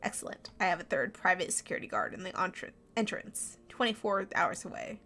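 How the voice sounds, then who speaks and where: A woman voicing a scheming, smooth-talking male friar in a game, formal and courteous. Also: lowish voice, expressive, fairly quick, sharp tone.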